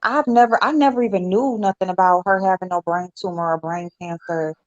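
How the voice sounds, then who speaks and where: A woman hosting a casual livestream panel, talking fast and bluntly, swearing freely, and mimicking other people in a high voice. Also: a little mellow, dry recording. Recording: dull lo-fi stream audio.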